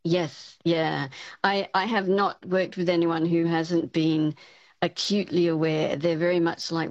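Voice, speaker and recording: A woman with a lowish voice, explaining patiently as an academic guest on a radio show, with plenty of "um" and "you know" as she works through her points. The sound is dry and a little dull, like a remote line. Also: little pitch movement, measured pace, no room sound. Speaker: speech pathology professor, guest expert. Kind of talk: radio interview answers.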